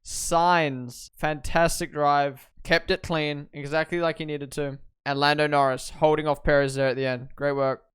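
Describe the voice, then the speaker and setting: Excitable young man with a smooth voice. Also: on the high side, moderate pace, few pauses. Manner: excitable, swears often, bursts into shouting at the broadcast. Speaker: host reviewing races. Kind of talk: live watch-along reaction and review.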